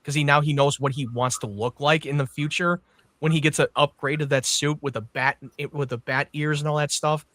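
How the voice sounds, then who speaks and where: A young man co-hosting a casual podcast, reacting quickly and swearing casually. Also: fairly high pitch, fairly even intonation, a bit bright, dry recording. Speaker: podcast co-host. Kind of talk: casual chat.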